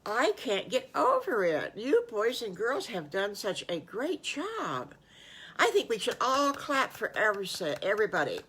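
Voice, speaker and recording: Older woman doing a gentle storybook teacher. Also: fairly low pitch, animated, moderate pace, exaggerated voice. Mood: reassuring. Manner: gentle, reassuring. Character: kind, calm woman first-grade teacher.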